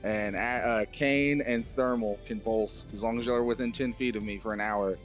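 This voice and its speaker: A man's voice: on the low side, steady tone, normal speed, faint music behind. A man playing a tabletop role-playing game, talking bluntly in character and swearing often. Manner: blunt, profane, urgent. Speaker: player.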